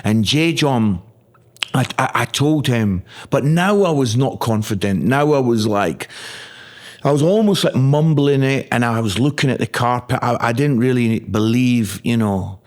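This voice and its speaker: A middle-aged Scottish man, an evangelist guest on a podcast interview, tells his story earnestly and with feeling. His mid-range voice is expressive and unhurried, and when he's moved or stirred he repeats words, showing real emotion.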